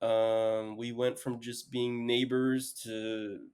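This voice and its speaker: Young male co-host, mid pitch, loose filler-heavy casual storytelling. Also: little pitch movement, slow, a little mellow, clear, resonant tone. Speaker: podcast co-host. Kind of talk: casual chat. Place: home, remote recording.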